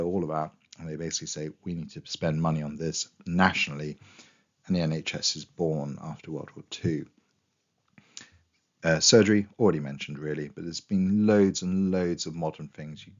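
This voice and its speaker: Deep-voiced man teaching history revision. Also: highs cut off. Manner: chatty, with quoted asides and restarts. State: losing his voice. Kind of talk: casual revision lesson.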